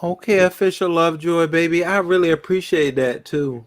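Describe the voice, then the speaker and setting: A man's voice: on the high side, moderate pace. Laid-back rambling male stream host. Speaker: livestream host. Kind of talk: casual live chat with callers.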